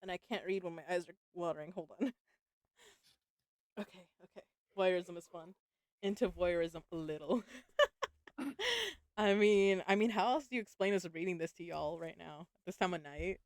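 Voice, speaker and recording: A woman's voice: fairly low pitch, moderate pace, long pauses, a little mellow, no echo. Giggly woman reading aloud, dry sound. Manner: giggly, laughs often, swears casually. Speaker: book reader and live streamer. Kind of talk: live-streamed book reading with chat banter.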